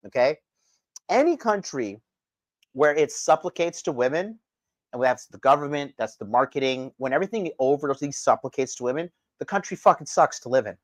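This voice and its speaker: A man's voice: fairly high pitch, no echo. A man hosting a livestream, delivering a profane, combative rant and talking straight to his chat. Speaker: livestream host. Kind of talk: ranting livestream commentary.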